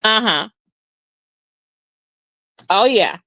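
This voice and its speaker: A woman's voice: mid-range voice, very slow, no room sound. A woman hosting a live stream, chatting casually with viewers and reacting to comments with lots of "child". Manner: chatty, animated, says "child" often.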